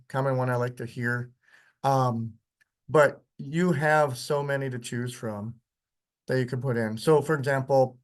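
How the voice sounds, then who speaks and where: Chatty male workshop instructor. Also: medium pitch. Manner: casual, chatty, with short chuckles and frequent ums. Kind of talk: live software demonstration lecture.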